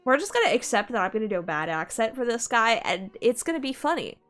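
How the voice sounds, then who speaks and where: A woman streamer giving lively, laugh-prone commentary while playing a game live. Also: a little high, soft background music. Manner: animated, quick to laugh.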